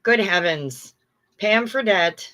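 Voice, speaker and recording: A woman's voice: medium pitch, lively intonation, slow, pushed and bright. A middle-aged woman hosting a livestream in casual chat, effusive and chatty as she reads viewer comments aloud. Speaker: livestream host.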